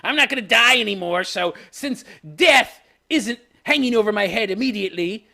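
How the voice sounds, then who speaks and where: Scornful young woman fighter, squeaky and shouty, gravelly edge; a man puts her on. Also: expressive, moderate pace, full character voice. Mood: dismissive. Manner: mocking, shrill, laughing. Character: young woman warrior, cold and dismissive.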